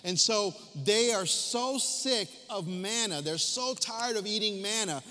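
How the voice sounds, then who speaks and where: High-voiced male pastor in a reverberant hall. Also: unhurried, faint music behind. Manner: animated preaching, repeats phrases, swings from loud to hushed. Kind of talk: sermon. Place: church sanctuary.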